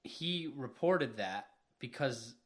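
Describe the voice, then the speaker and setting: A man hosting a podcast, calmly laying out his argument in casual chat. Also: medium pitch, takes it slowly. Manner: explanatory, methodical. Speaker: podcast host.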